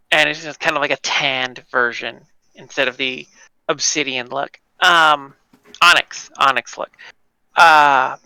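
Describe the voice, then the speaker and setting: Tabletop player, casual, very bright, smooth and crisp, dry room. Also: mid-range voice, no echo, poor audio. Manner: chatty, many fillers. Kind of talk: casual tabletop role-play.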